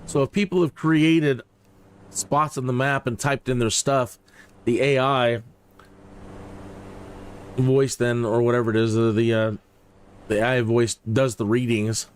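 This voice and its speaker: A man in a relaxed live stream talks through his flight in a rambling, joking way, full of ums and restarts. His voice sits at a middling pitch, with a faint hiss of noise behind it. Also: unhurried, pauses often. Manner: rambling, jokey, with many fillers. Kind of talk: casual live-stream commentary.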